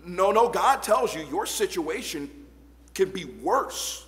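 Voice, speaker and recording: A man preaching an evening church sermon as pastor, reading old scripture aloud and building to shouted points. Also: high-pitched, lively intonation, slow, in a large hall. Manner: reads old-fashioned scripture verses aloud. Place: church sanctuary.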